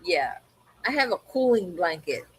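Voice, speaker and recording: A woman's voice: lowish voice, sing-song, a little slow, breathy edge, poor audio. A woman from Maryland co-hosting a livestream, telling stories in casual chat and laughing often. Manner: chatty storyteller, laughs often. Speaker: livestream co-host.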